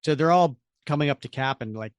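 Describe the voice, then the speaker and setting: A man's voice: fairly high pitch, brisk, smooth, no echo, studio quality. A man co-hosting a comic book podcast, describing panels with enthusiasm. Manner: enthusiastic, animated. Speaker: podcast co-host. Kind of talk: comic book review chat.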